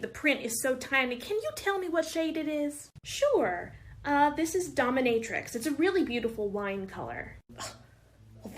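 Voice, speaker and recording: A woman's voice: medium pitch, a bit bright. A woman playing a polite, apologetic store clerk in a comedy sketch.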